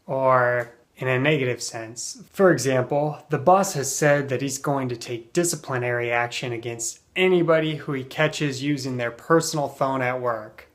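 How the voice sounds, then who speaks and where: A man teaching an English phrase in a relaxed, casual way, with plenty of ums and uhs, acting out example sentences with strong emphasis. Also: medium pitch, moderate pace, hardly any pauses. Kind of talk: casual spoken lesson.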